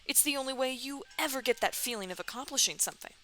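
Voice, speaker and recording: A woman voicing a courtly older Southern gentleman chef in a dating game, earnest and folksy. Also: high-pitched, quick pace, soft background music, rough recording.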